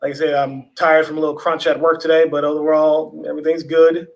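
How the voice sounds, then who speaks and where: A relaxed, chatty man hosts a livestream from home over a video call. His voice sits a little high, and he talks loosely to his viewers, dropping the odd swear word. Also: fairly quick, creaky, poor audio. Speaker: livestream host. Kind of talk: casual livestream chat.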